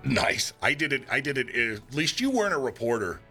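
Bright, lively young man hosting radio. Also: medium pitch, fairly quick, faint music behind. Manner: joking, laughs at his own puns. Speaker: radio morning show host. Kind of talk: casual radio chat.

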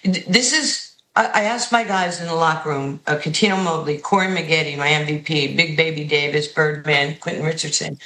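A woman coach with a New York accent tells stories in an interview, acting out the people she quotes. Her voice is bright and forceful. The sound is roomy, with echo around her. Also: low-pitched, moderate pace, few pauses. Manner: animated storyteller who acts out quoted voices. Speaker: basketball head coach. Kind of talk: radio and TV interview guest, storytelling.

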